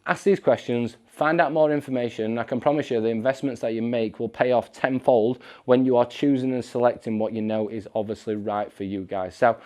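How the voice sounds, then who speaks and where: A man's voice: mid-range voice, steady tone, fairly quick, hardly any pauses, darkish tone. A man who mentors fitness professionals gives direct-to-camera advice in a blunt, emphatic way, swearing often and checking in with "right?".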